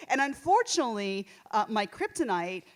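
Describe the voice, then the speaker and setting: A middle-aged stand-up comedian from Texas does a rambling, self-deprecating set on a small theater stage, full of fillers and restarts. Her voice is on the high side, with big pitch swings and a moderate pace.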